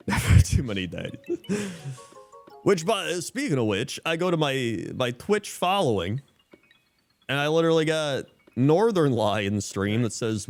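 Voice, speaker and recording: Lively laughing male streamer. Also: mid-range voice, takes it slowly, long pauses, faint music behind. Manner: animated, laughing, reading out usernames. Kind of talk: casual live-stream chat.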